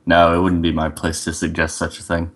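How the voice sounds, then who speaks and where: Male player, lowish voice, hesitant questions. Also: monotone, brisk.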